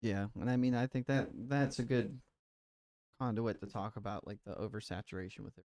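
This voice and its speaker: Chill young dude hosting a podcast, lots of likes, echoey mic. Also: male voice, fairly low pitch, steady tone, brisk, a little mellow. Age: young adult. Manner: laid-back, says "like" and "dude" a lot. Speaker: podcast host. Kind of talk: casual chat. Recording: roomy echo from the mic.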